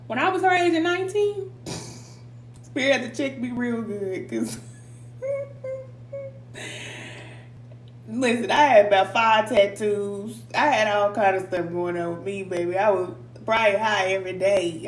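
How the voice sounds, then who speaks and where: A woman's voice: fairly high pitch, big pitch swings, normal speed. A middle-aged woman hosting a casual live stream, talking informally with viewers, laughing often and reading out their comments. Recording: echoey room with faint hum.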